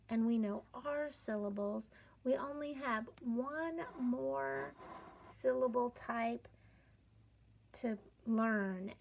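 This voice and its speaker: A woman teaching a children's phonics lesson, spelling out sounds slowly and clearly with playful, encouraging emphasis. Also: on the high side, slight background noise.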